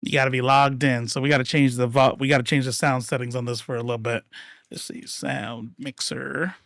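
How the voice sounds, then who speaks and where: A livestream commentator giving casual political commentary, profane and rambling, swinging between loud outbursts and mumbled asides. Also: medium pitch, steady tone, brisk, creaky, dry recording, studio quality.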